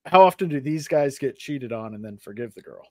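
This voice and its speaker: A man's voice: mid-range voice, expressive, a little fast, dark tone, dry recording, studio quality. A married man chatting as a podcast guest, easygoing and joking, often laughing. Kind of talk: casual podcast chat.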